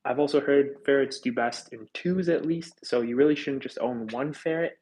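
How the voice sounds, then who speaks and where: A man's voice: mid-range voice, normal speed, darkish tone, slight background noise, low-quality recording. A man of thirty hosting a reptile livestream, chatting casually and candidly as he reads viewer comments, with frequent fillers. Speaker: reptile channel host.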